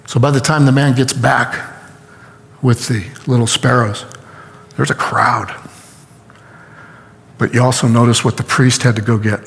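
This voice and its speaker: Animated preacher man in a reverberant hall. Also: medium pitch, unhurried, gravelly, long pauses. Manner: animated retelling with acted-out quotes. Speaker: pastor. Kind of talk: storytelling sermon.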